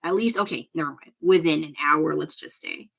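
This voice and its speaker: A woman's voice: deep voice, a little fast, creaky, a bit bright, slightly rough. A middle-aged woman chatting casually while she draws on a livestream, rambling and self-deprecating, laughing often. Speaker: artist streaming a drawing session. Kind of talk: casual chat while drawing.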